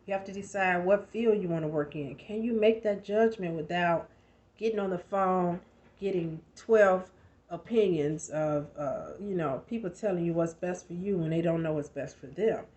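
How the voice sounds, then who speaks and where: A woman's voice: lowish voice, normal speed, a little mellow. Emphatic woman giving a pep talk. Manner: emphatic, conversational, rhetorical questions. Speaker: motivational speaker. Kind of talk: motivational talk to camera.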